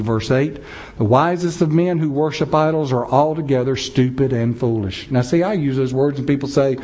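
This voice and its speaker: A man's voice: fairly high pitch, lively intonation, normal speed, warm tone, husky. A man preaching a sermon, telling a story with dramatic swings of pace and emphasis. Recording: dull lo-fi sound.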